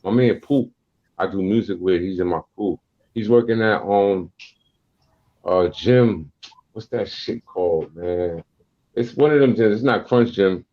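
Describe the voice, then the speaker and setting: Low-voiced New York man, streetwise storyteller. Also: measured pace, lo-fi sound. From Queens, New York. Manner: animated, streetwise storyteller who acts out quotes. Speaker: guest rapper and producer. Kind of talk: casual podcast storytelling.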